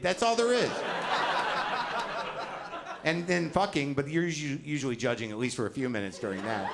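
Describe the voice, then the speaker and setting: A middle-aged man doing a stand-up set on a comedy club stage, ranting and mocking himself with lots of swearing and shouted punchlines. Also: fairly high pitch, expressive, fairly quick, creaky, background noise. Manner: ranting, self-deprecating, profane, rising to shouts on punchlines. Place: comedy club stage before a live audience. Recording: live show with loud crowd laughter. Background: audience laughter.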